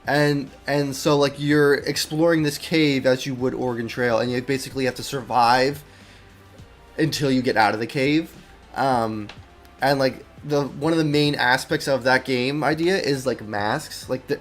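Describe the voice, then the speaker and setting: A man who is an indie game developer, rambling casually on a live stream. He uses lots of fillers, breaks off mid-sentence and keeps talking to himself, and his voice sounds worn and low. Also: steady tone, normal speed, faint music behind. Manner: rambling, full of fillers and self-interruptions; easily sidetracked, talks to himself. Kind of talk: casual live-stream chat while working.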